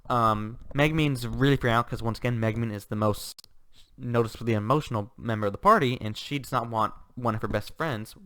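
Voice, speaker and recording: A man's voice: mid-range voice, a bit bright, no echo, studio quality. A man giving a casual, enthusiastic book review, rambling with restarts and laughter.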